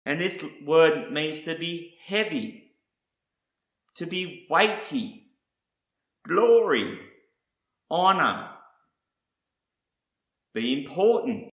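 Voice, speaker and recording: A man teaching Bible word meanings in a deliberate, scripted way, setting out one meaning after another. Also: fairly high pitch, lively intonation, a bit bright, echoey room.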